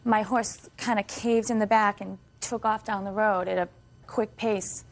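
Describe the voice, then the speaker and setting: Middle-aged woman on the stand, steady monotone, recounts events at length. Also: mid-range voice, unhurried. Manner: long, detailed storytelling with fillers. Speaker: defendant. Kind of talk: courtroom testimony.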